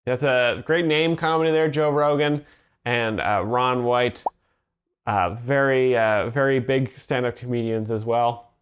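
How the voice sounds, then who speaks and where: A young man, a comedian, explaining stand-up jokes in a deadpan, mock-earnest, sarcastic manner. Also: mid-range voice, a little slow, slight background noise. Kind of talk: deadpan ironic commentary.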